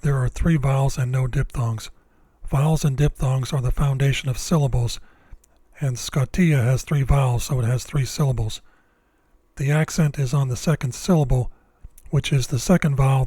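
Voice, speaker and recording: Man, scripted lesson narration, measured and deliberate, mid-pitched voice, dry close sound. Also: darkish tone, no echo. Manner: slow, deliberate, measured explanations. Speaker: Bible language teacher.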